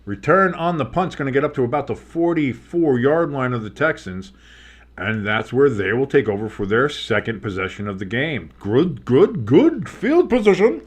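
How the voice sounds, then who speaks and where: A man with a mid-range voice speaks at a moderate pace. He's a sports streamer doing live play-by-play, mixing calls of the action with relaxed, joking asides.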